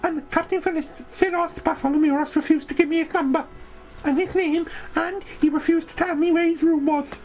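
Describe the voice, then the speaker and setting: A woman's voice: extremely high pitch, steady tone, moderate pace, a little mellow, soft background music, low-quality recording. A woman narrating a comic audio story in character, talking in a brash, boastful, rambling way.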